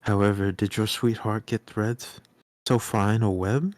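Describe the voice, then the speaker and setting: A man voicing a gentle, hearty old farmer father while reading a storybook aloud. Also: lowish voice, steady tone, measured pace, no echo, lightly acted.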